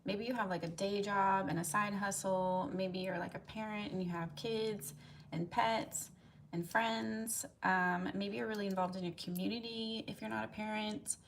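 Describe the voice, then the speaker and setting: A woman's voice: mid-range voice, fairly even intonation, normal speed, slight background noise. A woman reading tarot live for viewers. She chats casually, rambles, and fills her talk with "like" and "um" as she answers comments. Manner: chatty and rambling, heavy use of "like" and "um"; reads viewers' comments aloud and answers them. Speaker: tarot reader on a live stream.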